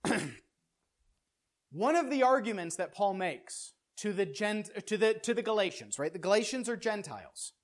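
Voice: medium pitch, sing-song, moderate pace. A preacher giving a conversational sermon who keeps asking the listeners "right?" and restarts phrases to press a point. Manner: keeps checking in with "right?" and rhetorical questions; pace and loudness rise and fall for emphasis.

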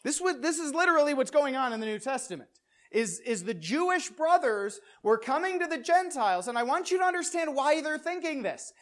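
A preacher walks a congregation through scripture in a loose, conversational way and keeps checking in with rhetorical questions. The delivery speeds up and slows down, and it gets louder or quieter to stress key points. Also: high-pitched, sing-song. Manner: restarts phrases and repeats words when pressing a point; pace and loudness rise and fall for emphasis. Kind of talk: conversational sermon teaching.

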